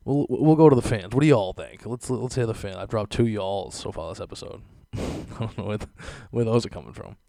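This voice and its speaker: A man's voice: lowish voice, brisk, gravelly, hardly any pauses, dark tone, dry recording. A young man hosting a podcast, ranting in a casual, sarcastic way, swearing often and laughing at his own lines. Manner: profane, laughing, sarcastic rant. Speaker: podcast host.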